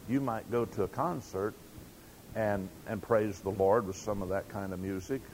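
A man's voice: lowish voice, fairly even intonation, normal speed, a little mellow, a little hiss or hum, rough recording. An older man preaching a sermon, telling stories in a folksy way and acting out quotes. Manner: folksy storytelling with acted quotes.

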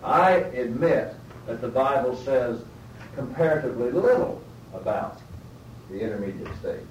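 A man teaching a Bible lecture at a middle pitch, working through points by rephrasing and asking his class questions. He sits some distance from the mic in a roomy space, with a faint hiss of background noise. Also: lively intonation, moderate pace. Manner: explains step by step, rephrases, asks the class questions.

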